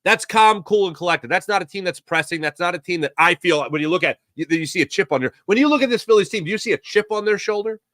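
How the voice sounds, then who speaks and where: A man with a high, bright, forceful voice rambles excitedly as he talks sports on his podcast. He speaks close to the mic in a dry room with no echo, full of a fan's enthusiasm. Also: fast talker, hardly any pauses. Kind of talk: casual sports commentary.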